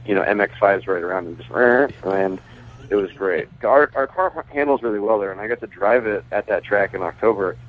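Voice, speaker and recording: A man's voice: fairly low pitch, fairly quick. A man called in as a guest on a radio talk show, telling stories in a chatty, rambling way and laughing as he goes. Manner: chatty, self-correcting, laughs while talking. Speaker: guest, pitcher and race team owner. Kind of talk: phone interview, casual storytelling. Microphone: phone. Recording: tinny phone line.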